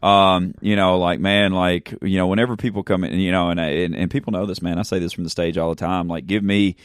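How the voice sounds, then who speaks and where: A man with a low, smooth voice, talking like a preacher in an easy chat. He repeats himself and asks if you follow. The sound is close and dry, recorded in a church. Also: flat delivery, a little fast, no room sound. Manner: fervent, preacher-like, repeats "you know what I'm saying". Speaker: pastor. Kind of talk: casual chat.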